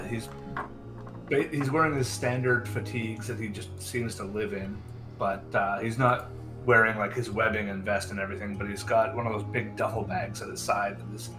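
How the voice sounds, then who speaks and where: A man's voice: on the low side, normal speed, music in the background. A man playing in a tabletop game, describing his character in a dry, easygoing way. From Canada. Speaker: player.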